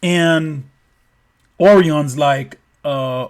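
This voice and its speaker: A man's voice: on the high side, takes it slowly. A man telling a story casually, rambling with lots of "like" and swearing freely.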